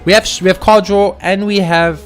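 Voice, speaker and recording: Excitable gaming commentator, a man. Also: sits high, brisk, faint music behind. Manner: excitable, swears, talks to the game. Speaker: let's play host.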